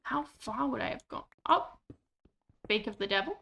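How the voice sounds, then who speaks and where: A woman's voice: fairly high pitch, animated, normal speed, creaky, sharp tone, slight background noise. A woman streaming a game, chatting casually in rambling, self-deprecating asides on a cheap microphone. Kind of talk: casual gameplay commentary. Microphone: cheap desktop microphone.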